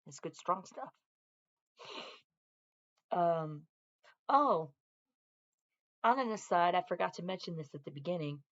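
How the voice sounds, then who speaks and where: A woman's voice: on the low side, animated, unhurried, pauses often, a bit bright, dull audio. A woman, a veteran, chatting casually on a home live stream from her living room, rambling and drifting off on tangents. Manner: rambling, easily sidetracked, talks to her dogs and viewers. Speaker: vlogger, military veteran.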